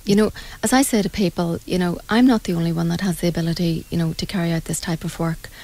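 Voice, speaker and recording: A middle-aged woman with a Northern Irish accent, an angel reader telling a story in a radio interview in an animated, dramatic way. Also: on the low side, fast talker, rough recording. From Northern Ireland.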